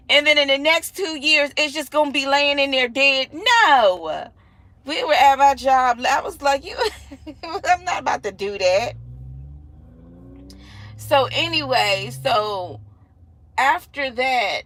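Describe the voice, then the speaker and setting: A woman in her thirties chatting casually to her viewers, animated and laughing often as she acts out what people said. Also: sits high, slow, pauses often. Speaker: vlogger. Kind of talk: casual storytelling chat.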